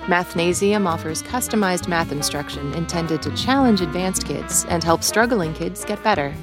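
A woman announcer reading sponsor messages in a neutral, even way. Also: lowish voice, normal speed, over music. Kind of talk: underwriting announcement.

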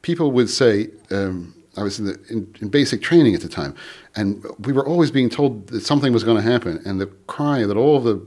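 A man with a low voice takes calls as a radio guest. He speaks thoughtfully, pausing often with fillers as he works through his points. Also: expressive, darkish tone. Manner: hesitant, thoughtful, with many fillers. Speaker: radio guest, language author. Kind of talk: call-in radio conversation.

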